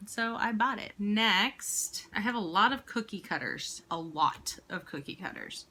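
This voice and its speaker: A woman in her thirties chatting casually through a thrift haul, rambling with quick asides and little jokes at her own expense. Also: mid-range voice, pushed and bright. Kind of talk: casual chat.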